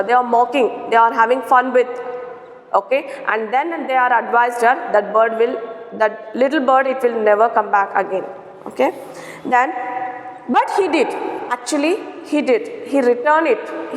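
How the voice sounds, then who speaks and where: A woman English teacher reading a story passage aloud and then explaining it in simple words, often checking in with "okay". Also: sits high. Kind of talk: explaining a story text line by line. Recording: echoey room with long reverb.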